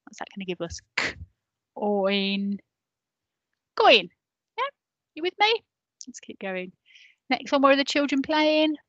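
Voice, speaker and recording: Slow, patient woman teaching phonics. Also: high-pitched, big pitch swings, dry recording, muffled recording. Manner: patient, sounds out letters slowly and prompts repetition. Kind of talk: online phonics lesson for parents.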